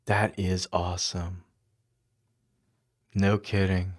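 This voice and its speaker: A developer livestreams his coding, thinking aloud in a casual, musing manner with a fairly low-pitched, unhurried voice. He often mutters half-finished asides to himself.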